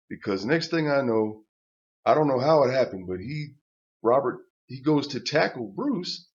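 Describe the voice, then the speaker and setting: A man's voice: medium pitch, dull audio. An older man telling a personal story as a casual, profane rant, blunt and stammering through restarts.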